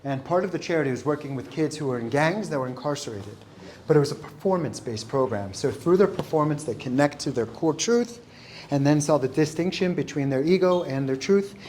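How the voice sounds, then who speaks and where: A man's voice: on the high side, expressive, fairly quick, darkish tone, slight background noise. A man speaking at a networking event, telling a story to a live audience and acting out the dialogue. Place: event room before an audience.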